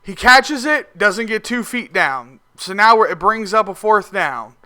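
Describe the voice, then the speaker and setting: A man with a high, very bright voice talks through his own football video game match in a casual voice-over. He is blunt and competitive, swears freely, and stumbles over repeated words when he restarts a thought. His tone is smooth and clear. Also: lively intonation, a little slow. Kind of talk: casual gameplay commentary voice-over.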